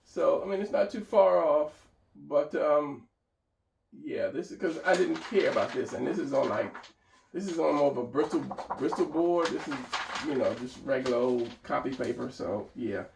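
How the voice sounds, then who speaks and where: A man's voice: fairly high pitch, moderate pace, vocal fry, echoey room, far from the mic, noisy background. A man thinking aloud as he talks through his drawing, casual and rambling. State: tired, hiccuping and yawning. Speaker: artist narrating a drawing session.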